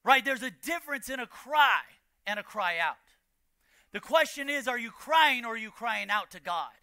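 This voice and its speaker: A man preaching a sermon as pastor, building to shouted emphasis and repeating key lines. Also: very high voice, animated, moderate pace, dry recording. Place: church.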